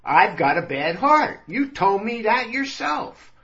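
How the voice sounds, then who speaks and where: A man's voice: high voice, sing-song, slow pace, fairly bright tone, muffled recording, pitched above the performer's own voice, heavily acted. A man voicing a whiny middle-aged patient with a bad heart who protests and pleads his way out of exercise. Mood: protesting.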